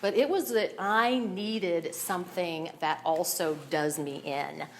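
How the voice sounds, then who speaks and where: A woman with a fairly low voice gives a personal share to a recovery meeting. She sounds nervous and candid, often laughing between her words. A faint hum sits behind her. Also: takes it slowly.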